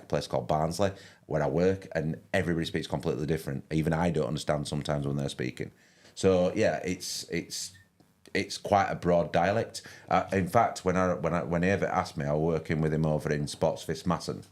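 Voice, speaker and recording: An older man with a broad West Yorkshire accent and a very low, deep voice talks casually as a fishing commentator. He rambles, restarting his sentences and filling the gaps with ums. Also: steady tone, a little fast, darkish tone. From West Yorkshire, England. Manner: rambling, with many restarts and fillers. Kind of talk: casual live-stream chat.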